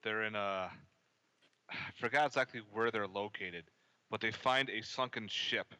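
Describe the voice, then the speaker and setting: Lowish guy retelling movie bits, very bright voice that swoops all over. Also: normal speed. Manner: recounts scenes, acting out the lines. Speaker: podcast co-host. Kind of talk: casual movie chat.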